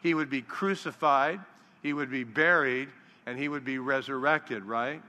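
A man preaching a sermon, slowing down to quote scripture and acting out the disciples' voices. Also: mid-range voice, sharp tone. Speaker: pastor. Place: large hall with long reverb. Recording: reverberant hall.

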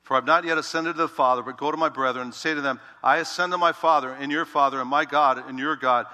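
A male preacher voicing a calm, authoritative male teacher in a sermon retelling, speaking in a firm, commanding way. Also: medium pitch, fast, in a large hall, close to an everyday voice.

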